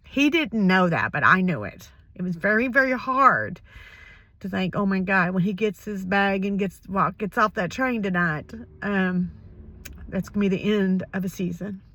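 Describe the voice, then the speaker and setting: An older woman sharing a personal faith story, emotional and halting, often sinking to a whisper. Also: medium pitch, fairly bright tone, dry recording, muffled recording. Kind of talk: personal spoken reflection.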